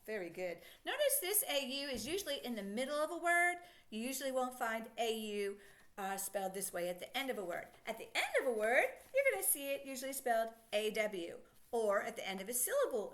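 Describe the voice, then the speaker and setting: A woman teaching a children's phonics lesson, sounding out letters slowly and praising the listener. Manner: slow, sing-song teacher voice with stretched sounds and lively pitch.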